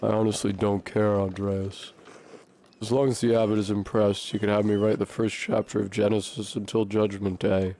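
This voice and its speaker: A streamer voicing a tired, ambitious young monk in flat, unhurried game dialogue. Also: male voice, on the low side, slight background noise, pitched below the performer's own voice, natural voice. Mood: weary.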